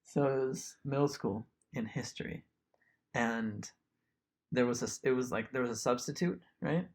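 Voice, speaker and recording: A man's voice: mid-range voice, normal speed. A young man co-hosting a podcast, telling rambling stories in casual chat and laughing often. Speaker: podcast co-host.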